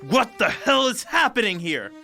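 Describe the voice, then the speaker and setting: A man's voice: very high voice, big pitch swings, normal speed, gravelly, sharp tone, faint music behind, voice pushed up, heavily acted. A man doing a snarling lioness warrior. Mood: angry. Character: angry female lion warrior.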